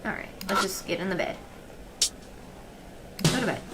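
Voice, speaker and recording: A woman streaming a game swings widely in pitch around a medium register at a moderate pace, with game music and background noise. She chats casually, reads the game text, thinks aloud, and murmurs softly while exploring.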